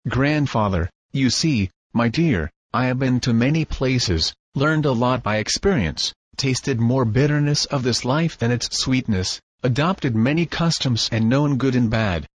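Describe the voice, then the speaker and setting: A man reading the part of a grieving, tender old grandfather in a storybook, husky and solemn. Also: mid-range voice, expressive, measured pace, hardly any pauses, dry recording. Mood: reflective.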